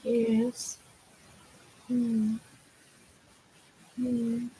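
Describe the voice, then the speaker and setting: A woman's voice: on the high side, completely flat delivery, extremely slow, mellow, a little hiss or hum, rough recording. An older woman hosting a casual livestream chat from home, cooing to her pets in baby talk. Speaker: livestream host.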